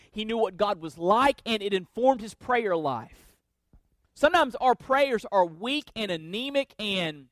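A man's voice: very high-pitched, a bit bright, no room sound, studio quality. A man preaching a sermon, teaching from scripture with emphatic, repeated refrains. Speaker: pastor.

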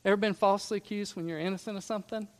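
A man's voice: high voice, steady tone, very fast. A man who grew up in Scotland, preaching a sermon in an earnest, emphatic way and asking the listeners rhetorical questions. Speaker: pastor.

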